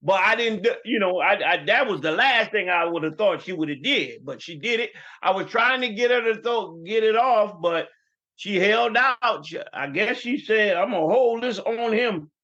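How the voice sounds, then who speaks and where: High-voiced New York man in his fifties. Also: lively intonation, normal speed, pushed and bright, lo-fi sound. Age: 50s. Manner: storytelling, rambling with many restarts. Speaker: guest. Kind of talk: casual chat.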